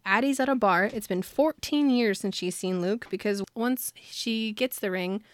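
A woman co-hosting a casual book discussion, retelling the plot with lots of laughter and quick quoted voices for the characters. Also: medium pitch, dry recording, studio quality. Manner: animated storytelling, quotes characters in put-on voices, laughs often. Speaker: podcast co-host.

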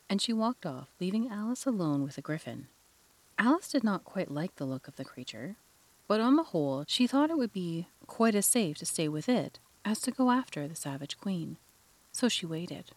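A woman narrating a classic children's story in an expressive reading voice. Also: fairly low pitch, normal speed, no room sound.

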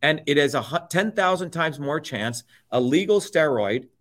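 A man's voice: fairly high pitch, animated, normal speed, a bit bright. A middle-aged man, a guest, ranting about politics with constant swearing and hammering repetition. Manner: profane, emphatic, repetitive. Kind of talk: heated political rant.

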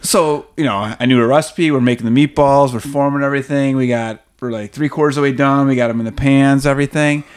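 Man, mid pitch, casual podcast co-host, easygoing storyteller. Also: steady tone, fast, hardly any pauses, smooth. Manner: casual storyteller who asks questions. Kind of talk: casual chat.

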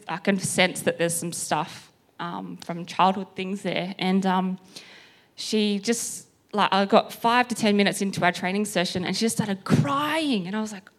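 A woman tells her story with bubbly energy. She laughs between lines and swings her voice up high whenever she acts out what someone said. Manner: laughs often, high excited acted quotes. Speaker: personal trainer sharing a testimony. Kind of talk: animated storytelling.

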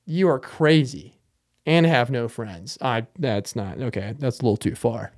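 A man's voice: medium pitch, measured pace. A young man hosting a podcast, talking alone in a casual, rambling, self-mocking way. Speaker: podcast host. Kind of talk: casual solo monologue.

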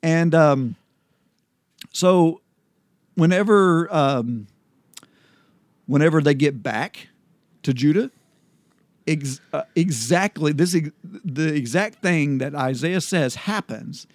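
A man with a fairly high voice talks through scripture in a relaxed, casual way, often pausing with ums and restarting his sentences. He is recorded close and dry, with no room sound. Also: dry recording. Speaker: Bible study host. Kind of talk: casual Bible study chat.

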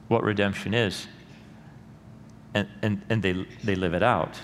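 A middle-aged male pastor preaching a sermon in a church, earnest and rising to loud emphatic peaks. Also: fairly low pitch, steady tone, a little slow, long pauses. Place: church sanctuary. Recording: long hall reverb with faint room noise.

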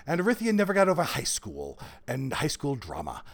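A man in his forties, an author talking as a guest in a casual interview, animated and quick to laugh. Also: medium pitch, vocal fry. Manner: animated storyteller, bursts of laughter.

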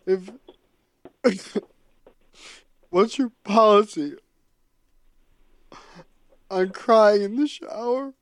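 A podcast host hams it up with melodramatic wails and mock sobs, stammering through halting restarts. The delivery is slow and drawn out, and the sound is dry and close with no room echo. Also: medium pitch. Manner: melodramatic wailing and mock sobbing. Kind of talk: improvised comedy role-play.

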